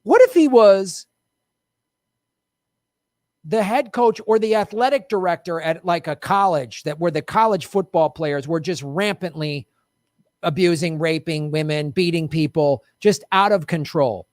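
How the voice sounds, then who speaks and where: A man hosting a casual political talk show, talking in an animated, indignant way and mocking people in quoted voices. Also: fairly high pitch, normal speed, no echo, studio quality. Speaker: podcast host.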